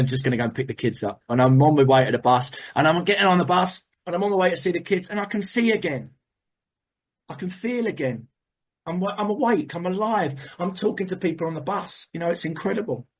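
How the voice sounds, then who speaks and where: A husky-voiced man shares his recovery story with animated, emotional storytelling and the odd swear word. The recording sounds muffled and lo-fi, as if captured on modest gear. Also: medium pitch. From England. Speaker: recovery meeting speaker.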